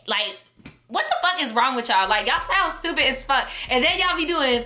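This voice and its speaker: A young woman from New York vents straight to camera in a loose vlog rant, blunt and sassy with plenty of swearing. Her voice sits a little high and comes across bright and forceful, with faint music underneath. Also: animated, moderate pace. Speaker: vlogger. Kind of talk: casual opinion rant to camera.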